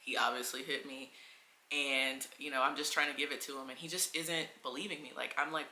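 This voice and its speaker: A woman vlogger tells a story straight to camera, casual and animated, leaning on filler words as she goes. Her voice is very bright and sharp, and the room around her sounds roomy and echoey. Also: rumbling low, brisk, a little hiss or hum. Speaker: travel vlogger.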